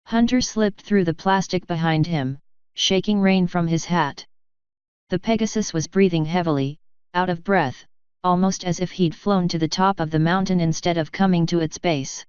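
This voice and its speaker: A woman narrating a fanfiction audiobook in a steady storytelling manner. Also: lowish voice, normal speed, clean tone, no echo. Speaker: fanfiction reader. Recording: dry, slightly muffled.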